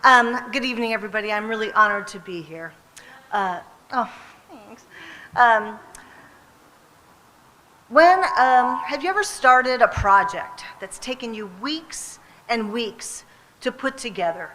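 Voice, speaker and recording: A woman's voice: on the high side, animated, measured pace, long pauses, noisy background. A woman opening a personal story on stage, joking and self-deprecating, laughing easily.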